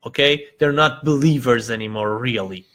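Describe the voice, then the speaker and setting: A man from Iran hosting a casual live show, telling stories in an animated way and acting out quotes. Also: medium pitch, moderate pace. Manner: animated storytelling, acts out quotes, frequent fillers. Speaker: host.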